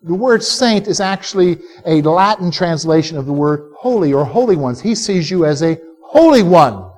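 A male pastor preaching a sermon to a live congregation, animated and conversational, quizzing listeners to answer back. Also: fairly high pitch, moderate pace, faint music behind. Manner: direct, conversational asides to the listeners. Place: church service before a live congregation.

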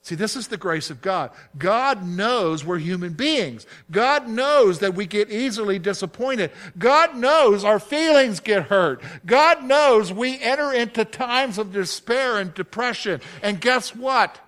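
A man's voice: high voice, animated, unhurried, few pauses, fairly bright tone. A male preacher delivering a sermon in an emphatic way, often asking his listeners direct questions.

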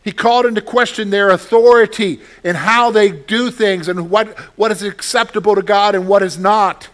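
Animated man preaching a radio sermon. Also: high voice, normal speed. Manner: animated, acts out quoted voices, sudden soft drops. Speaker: pastor.

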